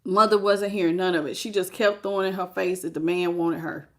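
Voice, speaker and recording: On a live-streamed tarot reading, a woman talks in a casual, chatty, animated way and greets viewers as she goes. Her pitch is fairly low and her pace fairly quick.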